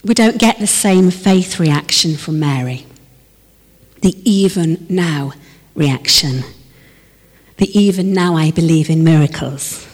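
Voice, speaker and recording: A woman preaching a sermon in a church, her voice trailing off into a long hall reverb. She speaks slowly and sits on the low side of the usual range for her sex. She moves between bursts of lively emphasis and quiet, drawn-out reflection. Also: breathy edge. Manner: expressive, moving between lively emphasis and hushed, slowed reflection.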